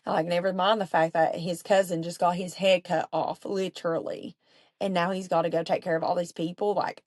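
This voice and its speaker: A woman's voice: lowish voice, dry recording. A woman giving a casual Bible study, chatty and earnest, with many fillers and asides.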